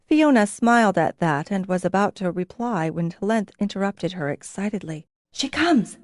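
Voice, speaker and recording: With a mid-range voice, a female narrator tells a fantasy story in a calm, even manner from a script. There's no room sound at all, just clean studio audio.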